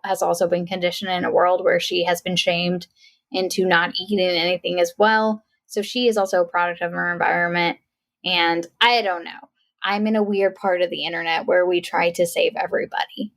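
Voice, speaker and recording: A woman's voice: fairly low pitch, dry recording. A woman co-hosting a podcast, chatting casually and frankly about a movie with some swearing. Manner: chatty, retelling with acted quotes; profane, frank. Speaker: podcast co-host.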